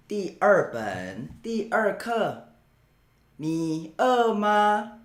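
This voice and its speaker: An English teacher leading a slow repeat-after-me vocabulary drill, saying each phrase several times and sometimes splitting it word by word. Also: medium pitch, very animated. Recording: roomy echoey recording.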